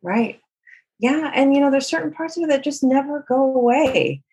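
A woman's voice: high-pitched, expressive, normal speed, dark tone. A woman life coach speaking in an earnest, reflective way, sometimes acting out people's inner voices as she talks. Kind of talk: casual conversation.

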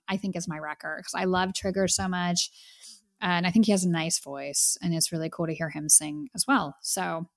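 As a podcast co-host, a woman chats enthusiastically about an album in a casual music review, saying "like" a lot. Her voice is on the low side, and the studio-quality recording has no room sound.

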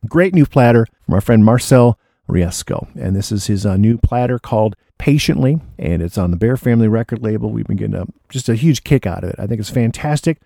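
Gravelly, mellow-voiced radio DJ man. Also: lowish voice, lively intonation, a little fast, no echo, clean studio sound. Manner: chatty and enthusiastic about records. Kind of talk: laid-back radio DJ patter.

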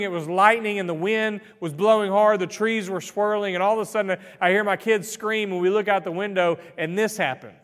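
A man in his thirties giving a sermon as pastor, talking in a conversational, animated way. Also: high-pitched. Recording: reverberant hall.

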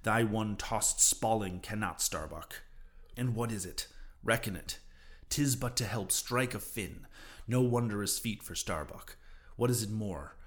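A man's voice: on the low side, unhurried, fairly bright tone. A man voicing an obsessed, vengeful old male sea captain in a fervent, declaiming way. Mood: persuasive.

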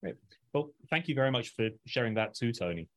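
A man's voice: mid-range voice, expressive, brisk. A man moderating a panel discussion, polite and hesitant, with many fillers.

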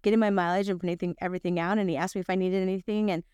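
Middle-aged lady teaching a bible lesson, storytelling, smooth clear voice, dry close sound. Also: lowish voice, rapid-fire, no echo. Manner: animated storyteller, acts out quoted voices. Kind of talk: devotional teaching with personal story.

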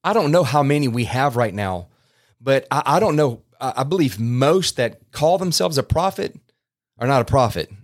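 A man's voice: medium pitch, lively intonation, moderate pace. A man hosting a faith podcast, talking earnestly in a loose, rambling way with many restarts. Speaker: podcast host. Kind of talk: casual podcast preaching. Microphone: podcast microphone.

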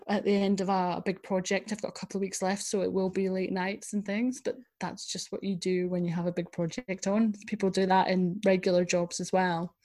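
A woman guest on a podcast interview, talking frankly and in a lively way, poking fun at herself. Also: lowish voice. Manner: frank and lively, self-deprecating. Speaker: guest, business owner. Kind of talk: casual interview chat.

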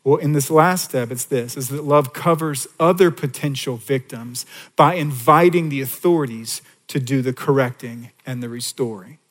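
A man preaching a sermon in a church sanctuary, in a conversational and animated style full of rhetorical questions. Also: medium pitch, moderate pace. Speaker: pastor. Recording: long reverb of a church hall.

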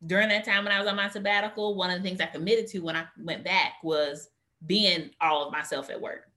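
Woman, podcast guest, lowish pitch, forceful bright tone, animated storytelling. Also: fairly quick. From United States. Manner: animated storyteller, acts out quotes. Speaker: guest, career coach. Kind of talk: conversational interview.

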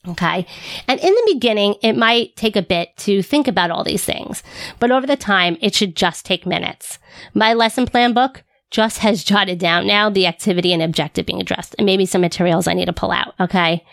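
A woman's voice: medium pitch, brisk, vocal fry, a bit bright, dry recording, clean studio sound. A woman speech-language pathologist giving instructional talk to fellow clinicians in an upbeat way, posing rhetorical questions as she goes. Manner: upbeat, rhetorical questions, acts out student voices.

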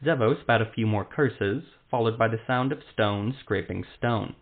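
Male narrator, fantasy story reading, measured and dramatic, lowish voice, tinny phone-like sound.

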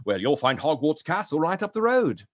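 A man's voice: on the high side, big pitch swings, normal speed, dry recording, studio quality. A man voicing a polite, posh train conductor with a British RP accent in a cheerful, courteous manner. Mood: welcoming.

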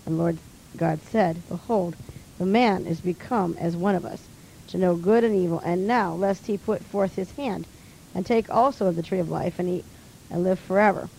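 Gravelly low woman reading scripture. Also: a little hiss or hum, low-quality recording. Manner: slow, steady King James reading. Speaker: scripture reader.

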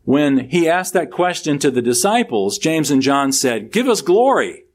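Male pastor, mid-pitched, preaching a sermon, emphatic pitch swings. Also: measured pace. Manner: preaches with lively pitch swings, reading scripture aloud.

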